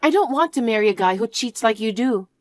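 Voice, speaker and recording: A young woman narrates her own story in first person. Her pitch swings lively and her delivery is expressive and exclamatory. The recording is dry and close-miked. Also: a little fast, no echo.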